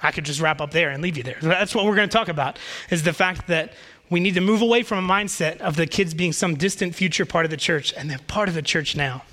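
A man's voice: on the high side, fast, pushed and bright. A man who is a pastor, giving a casual, joking sermon in a conversational way.

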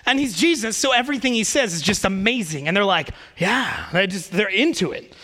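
High, bright-voiced male pastor. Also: lively intonation, quick pace. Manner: casual, joking, conversational. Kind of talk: sermon.

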